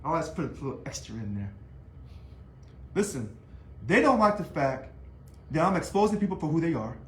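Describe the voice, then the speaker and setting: Man, casual to-camera monologue, taunting rhetorical style, high voice, roomy echo. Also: a little fast. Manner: animated, taunting, rhetorical questions. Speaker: union leader. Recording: echoey room.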